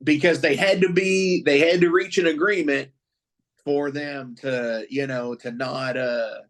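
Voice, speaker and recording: A man co-hosting a podcast, chatting casually with a profane, excitable fan's rambling. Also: on the high side, measured pace. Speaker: podcast co-host. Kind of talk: casual chat.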